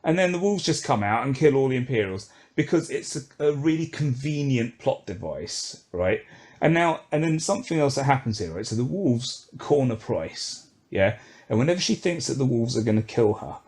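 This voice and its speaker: Animated man retelling a plot. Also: mid-range voice, normal speed. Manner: animated, acts out characters' lines while retelling. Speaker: podcast co-host. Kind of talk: casual chat recapping an episode.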